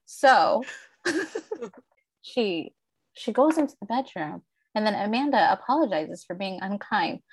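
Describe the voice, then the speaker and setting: A woman co-hosting a podcast, retelling things in a lively, profane, storytelling manner. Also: on the high side, a little slow, no room sound. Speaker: podcast co-host. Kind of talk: casual chat, storytelling.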